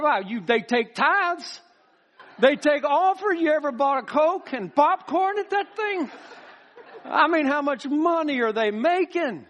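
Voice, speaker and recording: High-voiced pastor preaching. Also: male voice, unhurried, a faint crowd. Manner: animated, folksy, with rhetorical questions and acted-out voices. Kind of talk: sermon.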